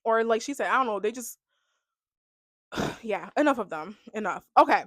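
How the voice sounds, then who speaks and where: A young woman ranting casually about a reality show, full of "like" and animated reactions. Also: on the high side, moderate pace, no room sound. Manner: chatty, heavy on "like", animated reactions. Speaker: reality TV recap vlogger. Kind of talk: casual rant to camera.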